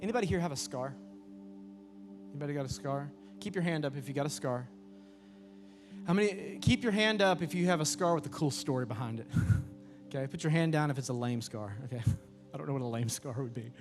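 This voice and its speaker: A man preaches to a youth crowd, his voice sitting a little high. He tells stories with animated acted-out voices. The sound carries a long hall reverb with faint music underneath. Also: fairly quick. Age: 30s. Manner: lively storytelling, acts out voices. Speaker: youth pastor. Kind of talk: youth sermon. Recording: echoey hall with music behind.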